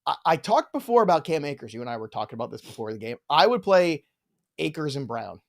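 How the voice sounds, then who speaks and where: A man's voice: a little high, big pitch swings, quick pace, gravelly. A man co-hosting a live fantasy football chat show, bantering and reading out viewer questions.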